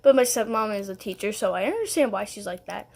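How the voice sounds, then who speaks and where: A woman's voice: mid-range voice, expressive, fast talker, creaky, darkish tone, husky. A young woman telling a story to her vlog viewers in a rambling, casual way, full of "like" and "um" and little laughs. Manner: rambling, heavy on "like" and "um", giggly. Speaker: vlogger.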